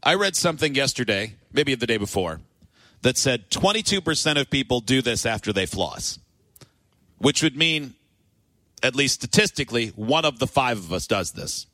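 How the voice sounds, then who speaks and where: A man's voice: medium pitch, expressive, normal speed, sharp tone, no echo. A man hosting a radio show, leading casual, teasing banter with his co-hosts. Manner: teasing, joking.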